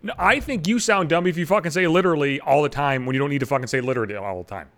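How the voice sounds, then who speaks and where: A man's voice: a little high, very fast, a bit bright. A man hosting his own podcast, delivering an exasperated comedic rant full of swearing and slightly slurred words. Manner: swears constantly, exasperated ranting. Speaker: podcast host.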